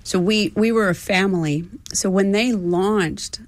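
A woman in her fifties, a former astronaut trainer and interview guest, recalls her past in an earnest, emotional way, with halting restarts. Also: mid-range voice, no echo. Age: 50s. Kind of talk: reflective interview storytelling.

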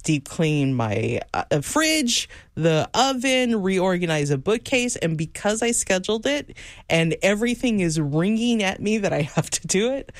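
Animated laughing female radio co-host. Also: medium pitch, a little slow, no room sound, clean studio sound. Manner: laughs often, animated storytelling. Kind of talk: casual on-air chat.

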